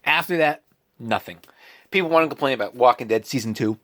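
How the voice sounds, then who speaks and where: A man giving a casual vlog movie review, ranting with animated exasperation. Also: mid-range voice, brisk.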